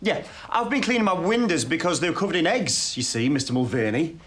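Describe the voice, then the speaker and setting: An actor playing a stressed, harassed male schoolteacher in a television drama, theatrical in class and flat and weary at home. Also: a little high, a little fast. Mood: sarcastic. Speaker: teacher.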